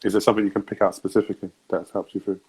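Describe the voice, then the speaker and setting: A man with a British accent interviewing a guest, asking unhurried questions and giving frequent short affirmations. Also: on the low side, level tone, husky, rough recording. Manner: soft-spoken, many backchannels, unhurried questions. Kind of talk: interview conversation.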